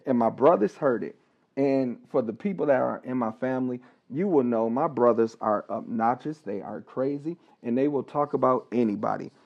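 A man, a licensed counselor, telling a personal story on a podcast, talking haltingly with pauses, restarts and repeated words. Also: mid-range voice, creaky. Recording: dull, slightly lo-fi recording.

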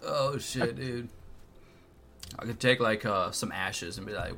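A man's voice: mid-range voice, measured pace, music in the background. A man hosting a casual podcast from his computer, laid-back and swearing a lot, laughing often. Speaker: podcast host. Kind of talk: casual stoned podcast chat.

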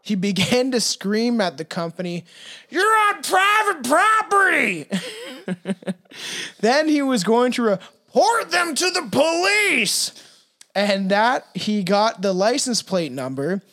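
A man's voice: sits high, fairly bright tone. A man co-hosting a podcast, casually telling a spooky legend with stumbles, swearing and laughs. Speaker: podcast co-host.

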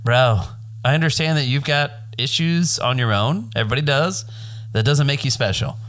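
Podcast co-host, male, mid-pitched, relaxed storyteller, casual and swearing freely. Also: moderate pace. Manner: laid-back, profane, animated storytelling with acted-out quotes.

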